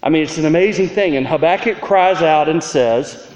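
Preacher, man, slightly high voice, earnest rhetorical questions, long church reverb. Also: brisk, a little mellow. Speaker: pastor. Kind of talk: sermon. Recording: roomy hall reverb, dull sound.

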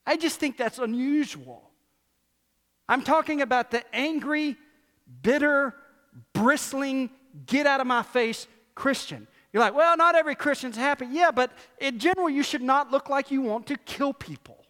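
Male pastor, sermon, high voice, animated, repeats for emphasis, long echo. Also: measured pace. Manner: animated, emphatic repetition, rhetorical questions. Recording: long hall reverb.

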